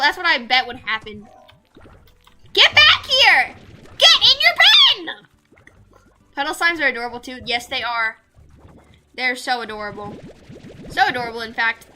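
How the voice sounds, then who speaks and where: Over soft background music, a young VTuber talks fairly quickly in a high, bright, pushed voice while streaming a game. She chats casually to her viewers, rambling and using lots of fillers.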